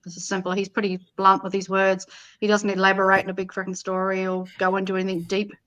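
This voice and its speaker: A woman's voice: mid-range voice, completely flat delivery, quick pace, a bit bright, low-quality recording. A woman giving psychic readings on a live stream in a blunt, casual way, swearing freely. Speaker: psychic reader.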